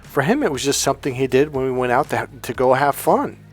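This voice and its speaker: A man's voice: mid-range voice, expressive, fast, faint music behind. Rambling, chatty man coaching viewers. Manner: rambling, chatty, many fillers and restarts. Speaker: life coach. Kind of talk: casual storytelling monologue to viewers.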